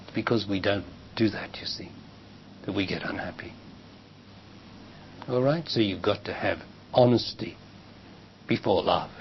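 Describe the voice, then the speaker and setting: Man giving a measured spiritual talk. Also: on the low side. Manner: measured, emphatic, rises sharply when quoting others. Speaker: spiritual teacher. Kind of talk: public talk answering questions. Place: lecture hall with audience. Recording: dull lo-fi 1990s recording with faint hiss.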